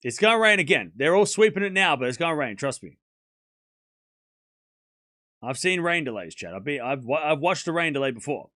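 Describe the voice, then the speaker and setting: A man's voice: on the high side, sing-song, a little fast, pauses often, sharp tone, no echo. Casual male tennis streamer, dry close sound. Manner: chatty, talks to chat, laughs often. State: sore throat. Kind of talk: casual live-stream chat.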